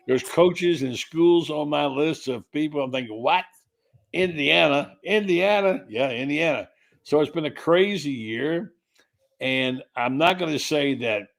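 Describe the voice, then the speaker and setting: A male host of a sports talk show who opens the night and chats with a guest. His talk is loose and rambling, and he pokes fun at his own wrong picks. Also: mid-range voice. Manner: chatty, rambling, self-deprecating.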